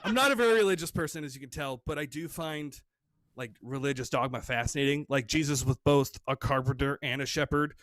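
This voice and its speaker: A man's voice: medium pitch, a little fast, fairly bright tone, dry recording. A man doing a wry, self-deprecating stand-up set on a video call. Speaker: stand-up comedian. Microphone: desk microphone on a video call.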